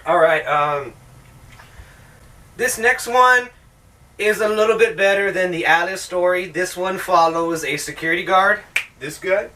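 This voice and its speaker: A man rambles through a movie review, swearing freely and sounding sarcastic. His voice sits a bit high and comes across bright and forceful. He is a little far from the mic. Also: a little slow, pauses often. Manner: profane, rambling, sarcastic, with mocking put-on voices. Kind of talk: casual rambling film review.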